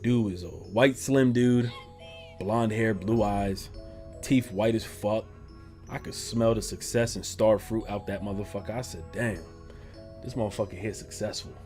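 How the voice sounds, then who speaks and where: A man telling a story on his vlog in an animated, profane, slangy way. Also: lowish voice, unhurried, faint music behind. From New York. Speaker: YouTuber.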